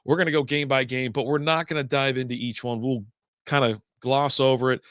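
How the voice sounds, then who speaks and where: A man's voice: medium pitch, quick pace, a bit bright, dry recording, clean studio sound. A middle-aged man hosting a beer podcast live stream, chatting in a rambling, laid-back way and often correcting himself. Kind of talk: casual live-stream chat.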